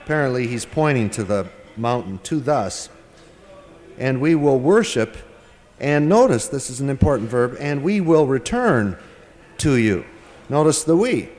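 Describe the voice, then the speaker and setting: A man giving a verse-by-verse scripture lecture, working through the text word by word with pauses and filler sounds. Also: medium pitch, big pitch swings, a little mellow, long reverb tail. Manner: deliberate, translating word by word with frequent pauses and fillers. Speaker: Bible teacher.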